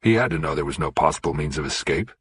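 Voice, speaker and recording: A man voicing a grave middle-aged male official who speaks in a measured, formal way. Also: rumbling low, animated, breathy edge, no room sound, full character voice.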